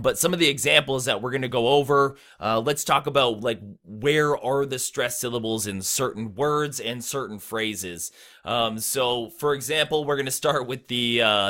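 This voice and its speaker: A man giving a casual rap-writing tutorial, explaining loosely with lots of "um" and "uh". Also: medium pitch. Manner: relaxed, filler-heavy explaining. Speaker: rap teacher.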